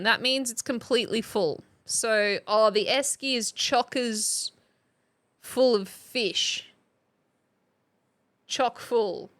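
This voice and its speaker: A woman's voice: on the high side, a bit bright. An Australian woman chatting casually on a live stream, quizzing her chat like a teacher. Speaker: substitute streamer.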